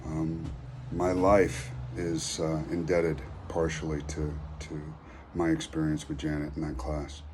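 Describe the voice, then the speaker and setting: A man, a former student, giving a heartfelt personal tribute in a halting way, with fillers and pauses. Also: a bass voice, flat delivery, darkish tone. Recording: background noise.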